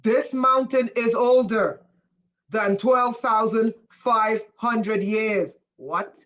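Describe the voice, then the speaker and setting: A woman gives a live-streamed spiritual lecture at an unhurried pace. She stresses her main points by saying them again slowly and stops often to check that her viewers are following. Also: a little high, steady tone, fairly bright tone, low-quality recording. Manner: emphatic, repeats key lines slowly for effect; asks listeners questions. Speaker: spiritual teacher.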